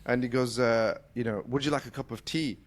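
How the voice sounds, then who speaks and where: A middle-aged man from the UK, hosting a casual conversation and telling a story fast, with lots of restarts. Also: mid-range voice, fairly even intonation. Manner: fast-talking, full of restarts. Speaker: podcast host.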